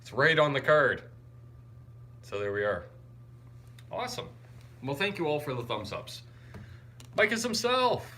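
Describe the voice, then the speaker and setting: A young Canadian man chats casually on a livestream from a hotel room, greeting viewers and reading their comments aloud. His voice is on the high side with big pitch swings, a measured pace and frequent pauses, and he sounds wired and tired.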